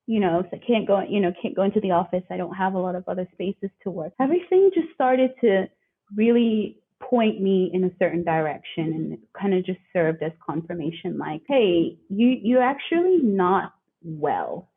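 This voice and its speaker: A woman's voice: medium pitch, normal speed, husky. A woman guest speaking earnestly and reflectively in a conversational interview, often acting out what others said. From living in Australia. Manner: reflective, earnest, quotes others in lively voices. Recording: phone-like remote call audio.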